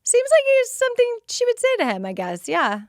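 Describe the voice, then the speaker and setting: A woman podcast host giving excited, casual play-by-play commentary while rewatching a TV episode. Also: very high voice, fairly quick, no echo, clean studio sound. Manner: excited, gushing, narrating scenes as they happen.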